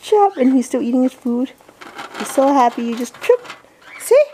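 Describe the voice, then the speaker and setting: A woman's voice: high voice, very animated, moderate pace, long pauses, mellow, slight background noise. A woman doing a casual how-to vlog as a pet owner, chatty, coaxing and enthusiastic.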